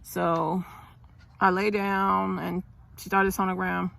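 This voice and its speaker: Gravelly, bright-voiced woman telling a story. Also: fairly low pitch, little pitch movement, slow pace, rough recording. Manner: rambling, with many restarts and sighs. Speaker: mother telling her birth story. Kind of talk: casual storytelling vlog.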